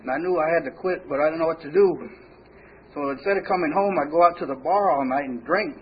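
A man's voice: fairly high pitch, fast talker. A man telling a rambling, humorous story of his own past, acting out the quoted dialogue. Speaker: speaker sharing a recovery story. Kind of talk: storytelling testimony. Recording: muffled lo-fi recording with faint hiss.

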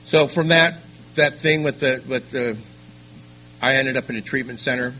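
An older man giving a personal testimony at a recovery meeting, telling his story haltingly with frequent restarts. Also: mid-range voice, steady tone, pushed and bright, slight background noise, poor audio. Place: meeting room.

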